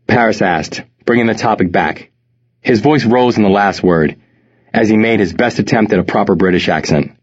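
A middle-aged man from New York narrating his memoir in a measured, reflective way. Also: lowish voice, husky. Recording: slightly muffled recording.

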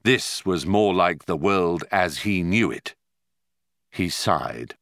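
Low-voiced male audiobook narrator. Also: animated, takes it slowly, fairly bright tone, dry recording, clean studio sound. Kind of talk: scripted narration.

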